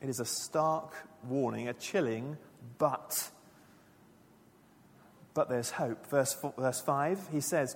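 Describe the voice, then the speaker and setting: A man's voice: mid-range voice, takes it slowly, pauses often. Earnest male preacher in a reverberant church. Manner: earnest, emphatic, drops to quiet for key lines. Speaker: pastor. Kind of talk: sermon.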